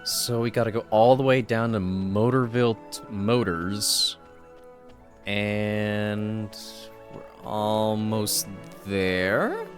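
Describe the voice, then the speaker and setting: A man's voice: fairly low pitch, fairly even intonation, slow, soft background music. A man in casual game commentary, making amused asides as a streamer.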